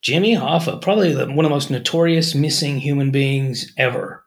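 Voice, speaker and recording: A man's voice: mid-range voice, fairly quick, creaky. A man co-hosting a podcast, telling stories and jokes in a rambling, casual way. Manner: rambling storyteller, frequent restarts. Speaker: podcast co-host. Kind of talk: casual chat, storytelling.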